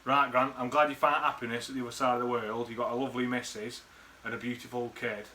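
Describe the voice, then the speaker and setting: Guy, bright tense voice, rambling and sweary, faint background hiss. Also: mid-range voice, flat delivery, fast talker. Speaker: friend recording a birthday message. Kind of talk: casual rambling reminiscence.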